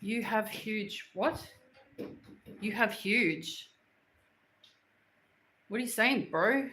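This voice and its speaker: Speaking extremely slowly, an Australian livestream host uses a mid-range voice that sounds pushed and bright. She chats playfully in slang with viewers from her home, moving into the kitchen, and the home recording is roomy.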